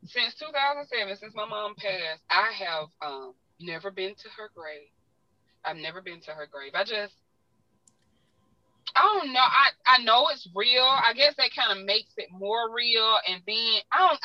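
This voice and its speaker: A chatty Southern woman opening up as an interview guest, earnest and heartfelt. Her tone is bright and forward, and the recording is dry and a little dull, with no room sound. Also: mid-range voice, no room sound. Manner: talkative, heartfelt, self-described talker. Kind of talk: emotional personal storytelling.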